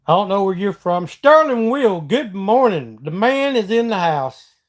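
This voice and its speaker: On his casual live stream, a middle-aged man from Georgia talks with viewers in a folksy, chatty manner, reading out their comments and replying. He has a Southern accent and a high voice with big pitch swings, speaking at a measured pace.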